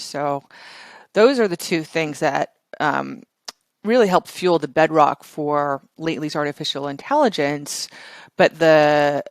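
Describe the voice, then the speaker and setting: Middle-aged female founder, animated interviewee, dry close recording. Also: deep voice, no echo. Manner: energetic and chatty, with frequent laughter and restarts. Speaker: guest, tech company founder. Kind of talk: casual interview chat.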